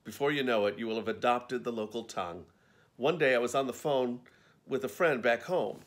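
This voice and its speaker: A man narrates his own backstage memoir in audiobook style. His voice sits at an ordinary middle pitch, and his delivery is wry and conversational rather than formal. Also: brisk.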